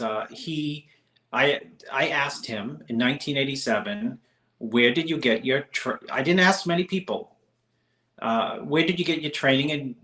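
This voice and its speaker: A man's voice: mid-range voice, sharp tone, reverberant. A man co-hosting a podcast, telling stories in casual chat with many restarts and fillers. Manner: rambling, with frequent restarts and fillers. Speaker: podcast co-host.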